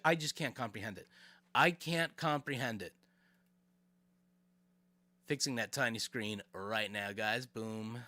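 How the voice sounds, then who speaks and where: A man's voice: fairly low pitch, unhurried, long pauses, no echo. A man streaming live, chatting casually with his viewers as he reacts to a clip. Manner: animated, chatty, talks to chat.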